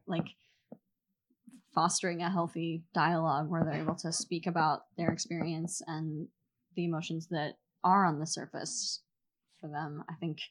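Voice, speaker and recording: A woman on a panel, thinking aloud with many fillers and some laughter. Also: lowish voice. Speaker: panel guest, author. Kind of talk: casual panel answer.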